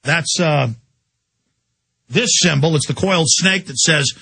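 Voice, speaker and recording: Male radio host, high and bright, husky edge, heated rapid-fire monologue. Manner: rapid, heated and insistent, with rhetorical questions. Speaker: radio talk show host. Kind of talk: impassioned political monologue.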